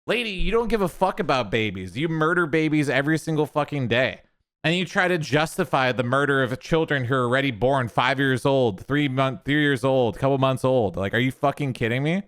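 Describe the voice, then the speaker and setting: A man's voice: mid-range voice, animated, brisk, fairly bright tone, clear, resonant tone, no room sound, clean studio sound. A man ranting on a streamed commentary show in a sarcastic, angry, profane way.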